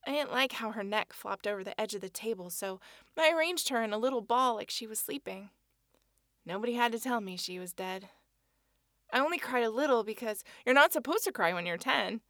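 A woman's voice: on the high side, expressive, fairly quick, bright, forceful tone, no echo, studio quality. A woman narrating a first-person children's story in an earnest, childlike telling.

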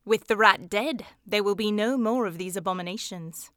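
A woman voicing a calm, precise Victorian male detective who speaks in a measured, lecturing way. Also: medium pitch, clean tone, dry recording, clean studio sound, close to an everyday voice. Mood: explaining. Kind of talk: audiobook character voice.

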